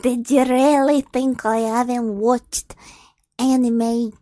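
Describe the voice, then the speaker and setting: A woman's voice: on the high side, steady tone, takes it slowly, mellow, no room sound. A woman voicing a brutish male ogre who taunts and gloats over his victim while she reads a story aloud. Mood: gloating menace. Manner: mocking, gloating, menacing.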